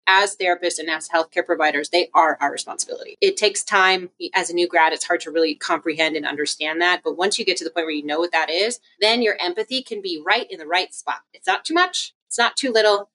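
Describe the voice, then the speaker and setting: A woman guest, a physical therapist, talking in a casual, chatty interview and telling stories with lively acted quotes. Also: fairly low pitch, fast, few pauses.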